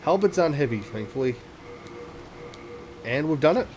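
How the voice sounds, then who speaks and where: A man's voice: on the high side, animated, normal speed, darkish tone, slight background noise. A man hosting a let's play, giving casual gameplay commentary, swearing often and making self-mocking, chatty asides. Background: game music.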